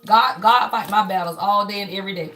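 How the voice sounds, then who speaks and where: Speaking fairly quickly in a medium-pitched voice that sounds pushed and bright, this fifty-something spiritual reader and life coach gives her viewers a reading. She preaches with emphasis, curses without hesitation, and keeps repeating her points for the audience.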